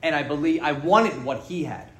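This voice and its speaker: A man's voice: on the high side, normal speed, a bit bright. A man sharing his story at a recovery meeting, frank and joking, swearing freely as he speaks to the group. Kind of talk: candid personal testimony to a group. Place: meeting room with an audience. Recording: roomy hall echo.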